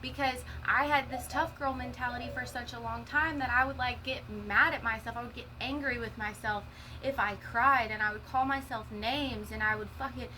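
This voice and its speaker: Bright-voiced woman, raw and candid. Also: fairly high pitch, steady tone, moderate pace, slight background noise, poor audio. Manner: raw, profane, emotional storytelling. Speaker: vlogger sharing a personal story. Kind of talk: candid personal monologue.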